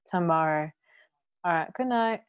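Young woman, podcast co-host, lowish voice, dry close sound, wry, joking. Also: lively intonation, a little slow, smooth, dry recording, narrow, tinny audio. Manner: wry, joking, laughs easily. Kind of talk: casual chat.

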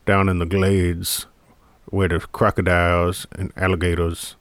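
A man's voice: deep voice, little pitch movement, a little slow, no echo. A man chatting casually and irreverently about a movie at home, rambling, swearing and laughing often. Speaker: movie commentator. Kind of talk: casual movie chat to camera. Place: home room in front of a DVD rack.

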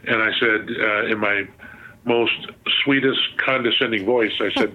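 A man's voice: mid-range voice, moderate pace. Man on a tinny phone line. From Southern California. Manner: chatty, many fillers and restarts. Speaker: guest, sports museum president. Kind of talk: phone interview storytelling.

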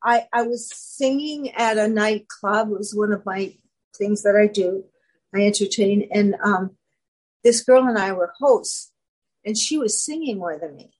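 A woman guest telling her personal story in casual talk, animated and acting out quoted voices. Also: medium pitch, unhurried, poor audio.

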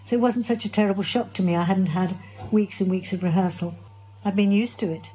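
Chatty older woman, mellow voice. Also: medium pitch, steady tone, brisk. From Birmingham, England. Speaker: actress guest. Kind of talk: interview answers.

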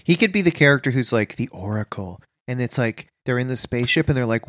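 Playful Canadian man with lively pitch. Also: fast, hardly any pauses, no echo. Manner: playful, jumps into silly voices. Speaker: podcast co-host. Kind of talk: casual comedic chat.

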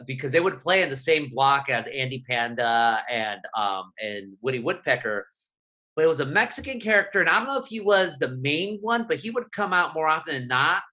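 A man from Southern California, talking in a casual interview as a guest columnist, animated and full of fillers. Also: mid-range voice. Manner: animated, many fillers, quotes his younger self.

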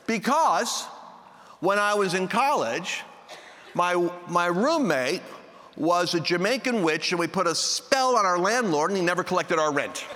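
Animated male preacher, bright voice, reverberant hall. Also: moderate pace. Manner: animated, acts out dialogue with sudden high-pitched outbursts. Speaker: preacher telling a personal story. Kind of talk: anecdotal sermon storytelling.

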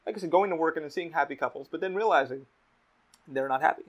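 A man's voice: fairly high pitch, quick pace. A young man hosting a podcast, talking emotionally in casual chat, swearing often and restarting his sentences. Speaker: podcast host.

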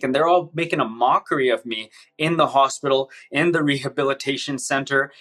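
A man's voice: medium pitch, fairly quick, few pauses, fairly bright tone. A man recounting his own experience in an intense, run-on storytelling manner. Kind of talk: personal account, casual storytelling.

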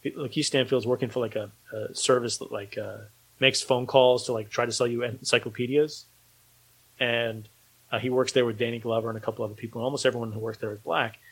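A man's voice: mid-range voice, steady tone, fast talker, slightly rough, low-quality recording. A man hosting a casual talk show, rambling enthusiastically with many restarts. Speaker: podcast host and filmmaker. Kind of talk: casual chat.

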